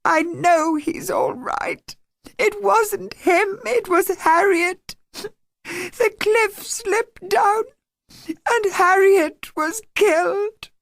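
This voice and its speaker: A woman's voice: drawn-out words, creaky, full character voice. A woman voicing a distraught young girl who wails and cries out frantically, read in an audiobook. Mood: wailing. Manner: high, frantic wailing.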